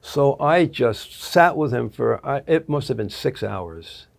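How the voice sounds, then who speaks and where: A man's voice: mid-range voice, animated, slow pace, vocal fry. A middle-aged man, a guest annuity producer, telling stories in an interview, rambling with restarts and acting out quotes. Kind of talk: interview storytelling.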